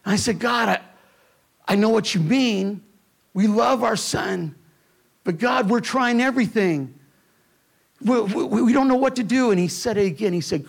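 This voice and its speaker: A man preaching a sermon to a church, telling a personal story with emphatic delivery that drops to a hush in tender moments. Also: high voice, moderate pace, vocal fry, pauses often. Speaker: pastor.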